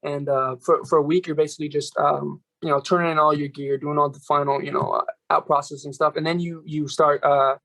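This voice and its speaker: A young man, a podcast guest, telling stories in a fast, animated way and ending his sentences with "right?". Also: on the high side, creaky. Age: young adult. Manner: rapid, animated, keeps tagging "right?" and "bro". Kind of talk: casual storytelling interview.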